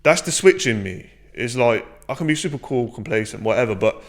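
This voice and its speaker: A blunt man chats casually as a podcast guest, swearing freely and acting out conversations. His voice sits at a middling pitch. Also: animated, a little fast, gravelly. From England. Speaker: strength and conditioning coach, guest.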